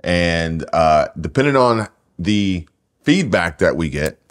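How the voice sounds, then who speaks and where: A man's voice: deep voice, very animated, slow pace. A man co-hosting a casual podcast, rambling and joking with many fillers, recorded without studio microphones. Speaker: podcast co-host.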